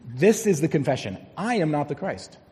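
A male pastor preaching a sermon, telling a story and slowing down to stress key words. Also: fairly high pitch, very animated, warm tone. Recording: long hall reverb.

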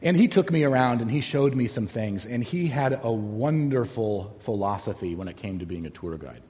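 A male pastor preaching a sermon, telling a story and slowing down to stress key words. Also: medium pitch, expressive, dark tone. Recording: long hall reverb.

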